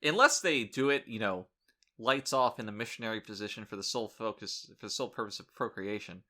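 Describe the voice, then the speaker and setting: A man hosting a casual podcast chat, telling animated stories with crude, irreverent humor. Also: on the low side, fast. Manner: animated storyteller, acting out quoted people. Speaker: podcast host.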